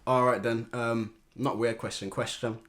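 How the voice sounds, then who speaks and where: A young man hosts a relaxed chat among friends. His voice is bright and forward, with a middling pitch. He talks in loose, slangy bursts and laughs easily. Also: normal speed. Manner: laid-back, laughing, slangy. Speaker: podcast host. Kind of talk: casual chat.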